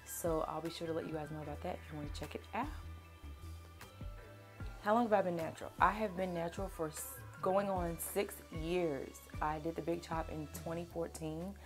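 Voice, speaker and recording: A young woman with a Southern country twang talks straight to camera in a low, full voice, answering viewer questions in a loose, chatty way. Faint music plays under her. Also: normal speed. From Kentucky, USA. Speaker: beauty vlogger. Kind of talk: casual Q&A vlog to camera.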